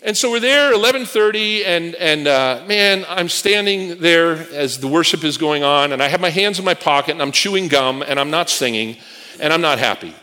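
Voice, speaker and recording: Male preacher, storytelling sermon with jokes to the congregation, slightly high voice. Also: expressive, moderate pace, pushed and bright. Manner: storytelling, humorous asides to the congregation. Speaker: guest preacher. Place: church sanctuary with congregation. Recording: long reverb of a large hall.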